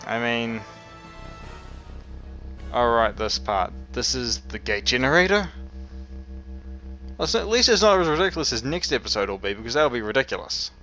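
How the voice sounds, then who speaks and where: A man's voice: mid-range voice, big pitch swings, normal speed, pauses often, bright, forceful tone. Rambling man commenting on gameplay. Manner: rambling, wry, chuckling to himself. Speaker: let's play host. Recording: dull lo-fi sound with game music.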